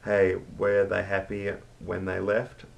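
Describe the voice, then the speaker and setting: A man voicing his crude, boozy mate, who swears loudly and laughs a lot. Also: low voice, completely flat delivery, slow pace, vocal fry, full character voice. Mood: rowdy. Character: crude boozy male Aussie mate, loud.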